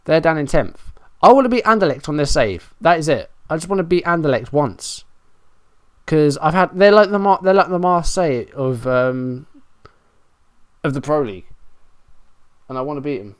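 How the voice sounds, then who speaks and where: A man calls a football management match play by play, often frustrated and poking fun at himself. His voice is smooth and resonant. It is recorded close and dry, with no room sound. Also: a little high, animated, moderate pace, no echo. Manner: running play-by-play, frustrated and self-mocking. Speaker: gaming YouTuber. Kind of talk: Let's Play commentary.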